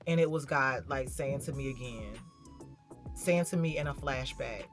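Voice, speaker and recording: Over music, a woman with a deep, rumbling voice speaks at a normal pace. She's vlogging candidly and reflectively, sharing a personal story and addressing her viewers directly in casual vlog chatter.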